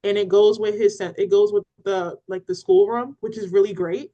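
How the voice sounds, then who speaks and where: A woman's voice: mid-range voice, normal speed, muffled recording. A woman co-hosting a parenting podcast, telling a story in casual chat and acting out what people said, with laughter. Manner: animated, retells scenes with acted-out quotes and laughter.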